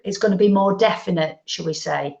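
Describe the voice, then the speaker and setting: Woman, medium, gentle meandering delivery, gravelly voice, roomy lo-fi sound. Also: fairly low pitch, fairly quick. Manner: gentle, meandering, relays messages. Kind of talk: live spiritual reading.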